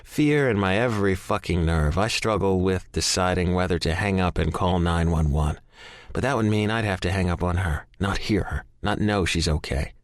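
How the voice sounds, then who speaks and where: Deep-voiced man narrating intensely. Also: normal speed, no room sound, studio quality. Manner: profane, intense, emotionally charged. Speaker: audiobook narrator. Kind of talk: first-person romance audiobook narration.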